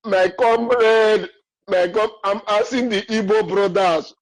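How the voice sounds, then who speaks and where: A man with a Nigerian accent and a notably high voice calls in over the phone. He speaks emotionally and pleads, circling back to the same questions again and again. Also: fairly even intonation, slow, rough recording. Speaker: caller. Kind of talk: impassioned call-in. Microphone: phone call.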